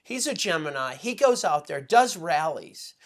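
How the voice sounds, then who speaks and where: A man speaking as a guest on a political talk show, emotional and rambling, swinging between loud outbursts and hushed asides. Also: fairly high pitch, very animated, normal speed. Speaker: guest commentator. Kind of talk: impassioned political commentary.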